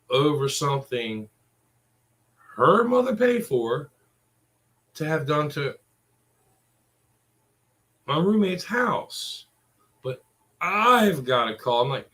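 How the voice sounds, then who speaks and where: A man's voice: mid-range voice, fairly bright tone, poor audio. A man in his forties ranting in a rambling, exasperated way, full of curses. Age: 40s. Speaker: vlogger. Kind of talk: casual ranting monologue.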